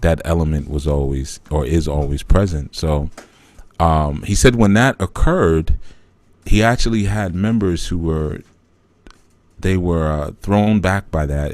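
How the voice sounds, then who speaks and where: A man's voice: low-pitched, darkish tone, no echo. A man hosting a live spiritual teaching talk, explaining through a conversational parable that he acts out.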